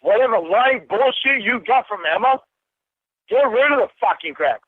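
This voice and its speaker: A man's voice: extremely high pitch, animated, normal speed, dry recording. An angry man on a phone call, swearing and accusing the other person of lying to him. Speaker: caller. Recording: tinny phone line.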